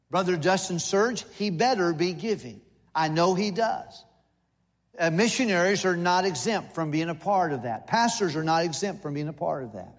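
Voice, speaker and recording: Older man preaching, high voice, folksy jokes, long church-hall reverb. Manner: folksy, humorous preaching with lists and asides. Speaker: visiting missionary preacher. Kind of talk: sermon. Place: church sanctuary.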